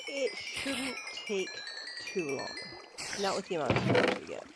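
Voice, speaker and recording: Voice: mid-range voice, sing-song, moderate pace, loud music behind the voice. A streamer from Canada giving casual gameplay commentary, rambling and giggling while thinking aloud. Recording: loud constant background noise.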